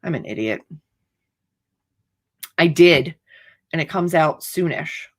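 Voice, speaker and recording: A woman's voice: low voice, lively intonation, takes it slowly, husky. A woman author hosting a livestream, chatting casually in a rambling, playfully dramatic way. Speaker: author hosting writing sprints.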